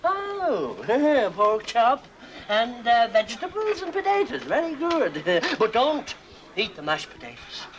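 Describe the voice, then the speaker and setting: A man's voice: very high voice, big pitch swings, slow pace, a bit bright, full character voice, rough recording. A man playing an overbearing, lonely dinner guest who chatters and shows off in a 1970s TV comedy sketch. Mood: bossy. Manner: chatty, bossy, full of jokes and sound effects. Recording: studio audience laughter, broadcast noise.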